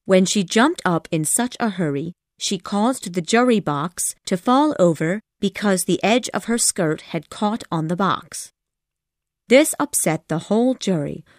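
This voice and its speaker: A woman narrating an abridged classic storybook audiobook in a calm, measured reading. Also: lowish voice, no echo, studio quality.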